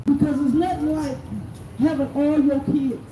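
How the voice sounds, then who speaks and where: A woman's voice: sits high, fairly even intonation, moderate pace, warm tone. A middle-aged bereaved mother giving a raw, angry speech to a crowd at an outdoor protest. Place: outdoors at a protest by city hall. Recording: distant echoey noisy outdoor recording.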